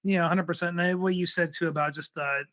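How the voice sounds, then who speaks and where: A man's voice: fairly high pitch, steady tone, fast talker, a bit bright. A man hosting a casual interview, laughing along and reacting eagerly. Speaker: podcast host.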